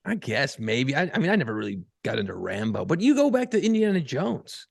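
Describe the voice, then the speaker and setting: Male podcast co-host, 40s, gravelly, profane, animated storyteller, dry close sound. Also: mid-range voice, fairly quick, no echo. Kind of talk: casual chat.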